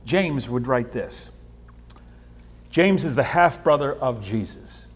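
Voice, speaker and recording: A man preaching a sermon as pastor, animated, repeating words and swinging between hushed and loud. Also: mid-range voice, slow pace, husky. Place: church sanctuary. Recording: church hall with long reverb.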